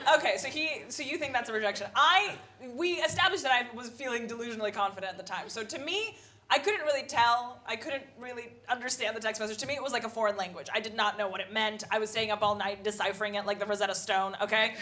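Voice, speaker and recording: Woman in her 30s doing stand-up, kinda high voice, big animated delivery, noisy club. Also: fast. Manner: animated, swings into loud put-on voices for punchlines. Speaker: stand-up comedian. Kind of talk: live stand-up comedy set. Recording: live comedy club with audible noise.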